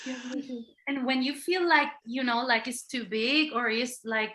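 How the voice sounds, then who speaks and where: A high-voiced woman with a bright, forceful tone joins a casual podcast conversation. She affirms what the others say and adds short points of her own. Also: moderate pace, slight background noise. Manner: affirming, chimes in with agreement. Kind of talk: casual chat.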